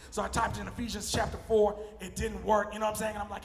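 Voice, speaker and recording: A high-pitched man with a gravelly edge does stand-up on a convention stage, talking to the crowd in a loose, conversational way. The sound is roomy, with a long hall reverb and faint music. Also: level tone, rapid-fire, few pauses. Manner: conversational, repeats "you know what I'm saying". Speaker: stand-up comedian. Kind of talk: stand-up comedy set. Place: convention stage before a live audience. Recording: echoey hall.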